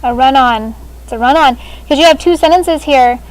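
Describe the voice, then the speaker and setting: A sixth grade language teacher with a high-pitched voice runs a grammar lesson in a classroom, speaking through a face shield. She's brisk and businesslike, calling on students one at a time, and the audio is poor.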